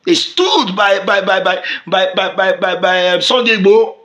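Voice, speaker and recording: Man, Nigerian accent, vlog commentary, higher voice, bright edge, emphatic and repetitive. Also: normal speed, muffled recording. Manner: emphatic, repetitive, swings between loud outbursts and low mutters. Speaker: vlogger. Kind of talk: impassioned commentary to camera.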